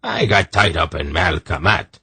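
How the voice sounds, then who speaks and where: A man voicing a coarse, blunt male merchant who speaks gruffly and plainly. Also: low-pitched, animated, a little slow, pushed and bright, no room sound, heavily acted.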